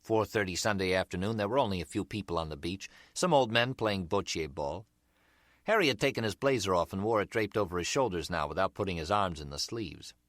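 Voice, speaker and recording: A man narrating a crime novel in a wry, measured storytelling manner. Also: deep voice, a bit bright, no echo, studio quality. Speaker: audiobook narrator. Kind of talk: scripted narration.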